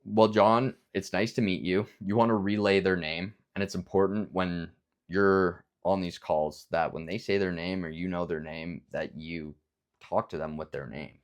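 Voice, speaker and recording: A man's voice: low-pitched, steady tone, moderate pace, clear, resonant tone. A young man giving casual, rambling sales coaching, filled with likes and restarts, sometimes acting out both sides of a phone call. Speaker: business coach. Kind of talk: casual instructional talk.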